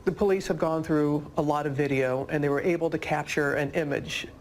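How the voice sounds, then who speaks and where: A television interviewer speaks at a mid pitch. The questions are measured and probing, delivered in a calm, even manner.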